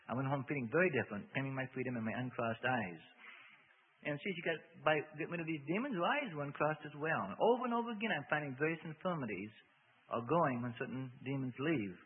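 A man's voice: medium pitch, husky. A man reading a religious memoir aloud on the radio, with folksy asides of his own. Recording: tinny phone-like radio broadcast.

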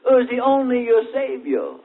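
A man preaching a sermon, telling folksy everyday examples and asking drawn-out, emphatic questions. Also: very high-pitched, huge pitch swings. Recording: tinny, narrow-band old recording.

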